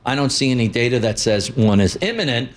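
A man's voice: medium pitch, lively intonation, brisk. A man, a guest commentator giving blunt, opinionated views in an unscripted interview.

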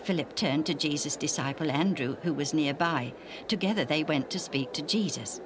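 A woman reading a children's Bible story in a gentle, measured way. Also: deep voice, noisy background. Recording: music playing underneath.

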